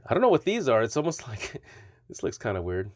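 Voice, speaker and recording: Chatty man reviewing toys, lively pitch. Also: a little fast, no room sound. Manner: chatty, rambling, self-correcting. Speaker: toy reviewer. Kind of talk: casual product review.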